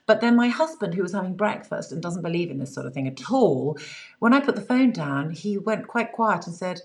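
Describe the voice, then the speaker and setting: A woman with a somewhat low voice tells a personal story as an interview guest. She sounds earnest and reflective, and her talk is loose and conversational, full of "you know" and small restarts. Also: lively intonation, a little fast. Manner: earnest, reflective, frequent fillers.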